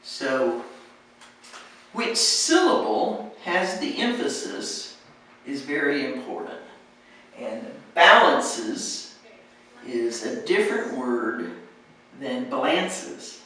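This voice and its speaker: A woman's voice: a bass voice, big pitch swings, takes it slowly, pauses often, heavy reverb, recorded from a distance, low-quality recording. An American woman teaching pronunciation, patiently modeling words and repeating them for her students. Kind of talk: pronunciation coaching.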